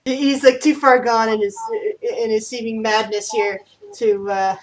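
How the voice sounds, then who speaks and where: Game master woman, slightly high voice. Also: steady tone, normal speed, low-quality recording. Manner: rambling, hesitant descriptions with many fillers. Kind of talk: narrating a tabletop game.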